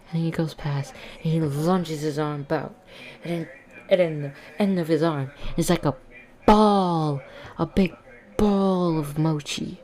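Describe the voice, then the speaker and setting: Woman, low voice, rambling, jokey casual storyteller. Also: steady tone, measured pace, mellow. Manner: rambling, jokey, self-correcting. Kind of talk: casual fan-fiction retelling.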